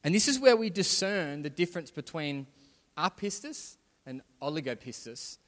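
In a church hall, a pastor with a fairly high voice preaches at a normal speed, very animated. He talks conversationally and builds to emphatic points, with a long hall reverb on the recording.

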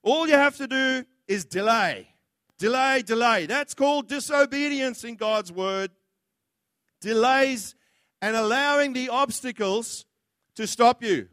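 A man's voice: extremely high pitch, a little slow, fairly bright tone, clean tone, dry recording, clean studio sound. A man preaching a sermon, blunt and impassioned, acting out the words of others as he goes.

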